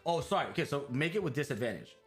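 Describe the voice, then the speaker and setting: A man running a tabletop game as game master, animated and laughing, with faint music behind. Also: on the high side. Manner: animated, laughing, quick restarts.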